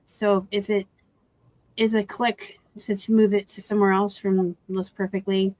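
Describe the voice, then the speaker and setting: A woman's voice: medium pitch, level tone, measured pace, a little mellow, no echo, rough recording. A woman hosting a casual live-stream chat about reselling, rambling through asides and laughing often over a video call.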